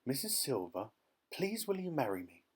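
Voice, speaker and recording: A man voicing a shy, lovestruck older gentleman neighbour who speaks in a gentle, coaxing way. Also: mid-range voice, very animated, normal speed, slightly rough, voice pushed up. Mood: nervous.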